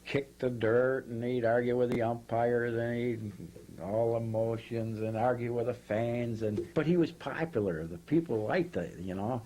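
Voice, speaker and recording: A man's voice: mid-range voice, fairly even intonation, measured pace, dark tone, a little hiss or hum. An older man giving plain-spoken, short answers in an interview about old ballgames. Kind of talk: reminiscing interview.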